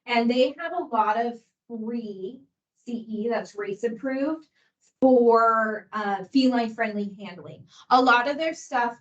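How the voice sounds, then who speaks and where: A young woman with a slightly high voice leads a workplace training session. She talks casually and chattily, with an encouraging tone and plenty of fillers. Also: slow, highs cut off. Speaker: veterinary staff trainer.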